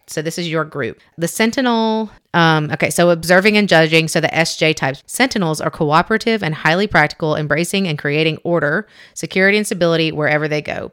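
Chatty woman reading aloud haltingly. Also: sits low, fairly bright tone. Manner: chatty, reads haltingly with giggles and self-corrections. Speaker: podcast co-host. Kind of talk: casual chat reading test results aloud.

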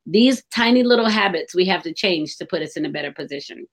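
A woman's voice: on the low side, lively intonation, quick pace. A woman hosting a radio talk show, chatting openly and expressively and laughing easily.

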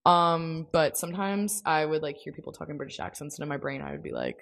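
A young woman with a low-pitched voice talks on her own podcast in a loose, rambling way. She fills her sentences with fillers and restarts as she chats casually. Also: wildly swooping pitch, fast talker, gravelly, hardly any pauses, fairly bright tone. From United States. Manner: rambling, filler-heavy, chatty. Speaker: podcast host. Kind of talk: casual solo podcast chat.

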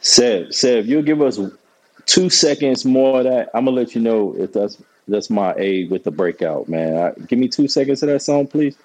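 Casual male voice at mid pitch, laid-back studio banter. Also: animated, normal speed, poor audio.

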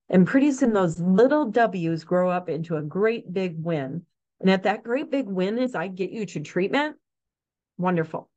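A woman's voice: lowish voice, mellow, lo-fi sound. A woman in her fifties, a neonatal nurse practitioner, answering interview questions in an earnest, encouraging way.

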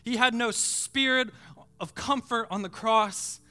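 Male pastor, fervent sermon delivery, high and bright. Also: measured pace. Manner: preaching with dramatic swells from hushed to shouting.

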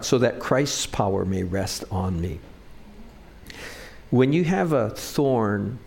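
A pastor preaching to his congregation in a relaxed, conversational way. His voice is mid-pitched for a man, and he keeps tossing questions to the listeners, then lifting his pitch to hit the words he wants them to remember. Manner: conversational preaching with frequent call-and-response questions; pitch rises and falls for emphasis on key phrases. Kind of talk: sermon.

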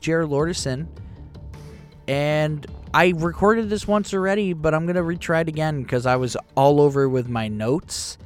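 A young man hosting a podcast about the tabletop game he runs, talking in a rambling, excitable, self-deprecating way. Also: medium pitch, clear, resonant tone. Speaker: podcast host and game master. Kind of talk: casual podcast chat.

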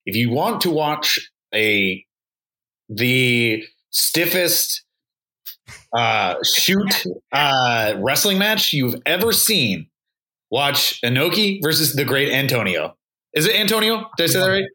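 A man's voice: medium pitch, very animated, slow pace, pushed and bright, roomy sound. A man co-hosting a casual podcast chat, stumbling over names, laughing at himself and swearing freely. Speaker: podcast co-host.

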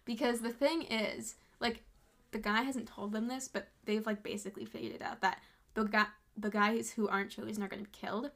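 A woman's voice: on the high side, steady tone, brisk, a bit bright. A young woman co-hosting a podcast, casually recapping a book and peppering her talk with "like". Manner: chatty, heavy use of "like", recapping a book. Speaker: podcast co-host. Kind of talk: casual chat.

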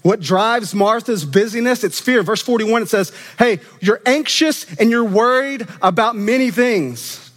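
A man preaching an animated, conversational sermon as a student minister, acting out quoted voices. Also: sits high, unhurried. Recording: long reverb of a church hall.

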